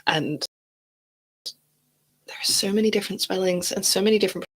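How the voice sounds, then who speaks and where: A British woman hosts a podcast, chatting casually and dropping "like" often as she talks. Her voice sits at medium pitch with a slightly rough, somewhat bright quality, and she speaks at a normal speed.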